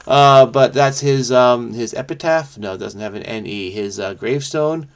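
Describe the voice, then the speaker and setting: A man thinking aloud as he solves a crossword, muttering to himself with many fillers and self-corrections, quick bursts between slower musing. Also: medium pitch. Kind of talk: thinking aloud while solving.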